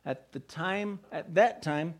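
A man's voice: fairly high pitch, slow pace. A male pastor preaching a sermon, emphatic and firing rhetorical questions at the congregation.

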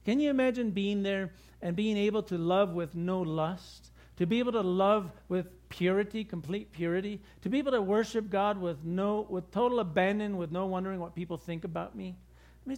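A middle-aged male pastor preaching a sermon with lively, conversational storytelling. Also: high-pitched.

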